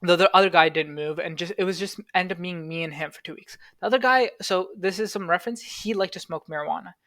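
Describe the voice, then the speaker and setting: A man's voice: high-pitched, fast, a bit bright, dry recording. A young man co-hosting a podcast online, telling a long story in casual chat with many fillers and restarts. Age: young adult. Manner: rambling, lots of fillers and restarts. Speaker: podcast co-host. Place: home, recorded online. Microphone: online call.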